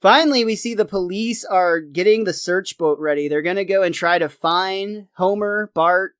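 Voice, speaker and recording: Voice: mid-range voice, moderate pace, clear, resonant tone, dry recording, studio quality. Laughing podcaster recapping an episode. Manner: lively storytelling, laughs often, acts out quotes. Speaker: podcast co-host.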